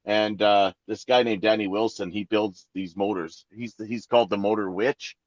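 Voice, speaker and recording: Easygoing trucker co-host, muffled. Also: male voice, fairly low pitch, steady tone, moderate pace, no echo. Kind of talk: casual podcast chat.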